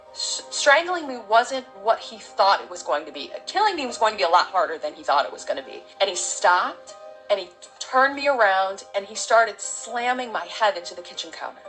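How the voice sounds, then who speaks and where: Middle-aged woman guest, halting heartfelt testimony, mid-pitched, soft music underneath. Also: poor audio. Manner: halting, heartfelt storytelling with many restarts. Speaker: interview guest. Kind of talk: personal testimony.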